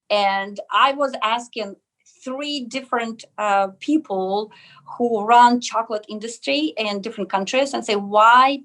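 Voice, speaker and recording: A woman from Russia with a Russian accent, a wellness clinic pharmacist answering interview questions earnestly, often pausing on "uh" and "um". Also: a little high, fairly bright tone. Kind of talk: casual interview.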